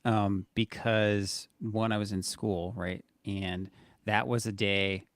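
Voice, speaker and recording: A man hosting a podcast interview, talking in a halting way with repeated words and soft trailing ends. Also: on the low side, flat delivery, no room sound, studio quality. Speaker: podcast host. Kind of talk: casual interview chat.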